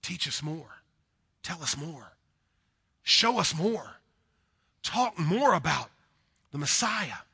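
High, bright Southern-accented preacher. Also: male voice, very animated, takes it slowly, gravelly, long pauses, slightly rough. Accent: Southern American. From Deep South, USA. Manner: dramatic swings from hushed to loud, mimics voices. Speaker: pastor. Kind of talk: sermon. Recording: reverberant hall.

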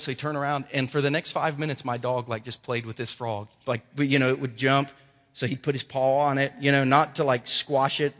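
A man's voice: mid-range voice, big-room sound. A man preaching a sermon as a pastor, telling stories in a loose, conversational way with lots of fillers. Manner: conversational, animated storytelling with many fillers.

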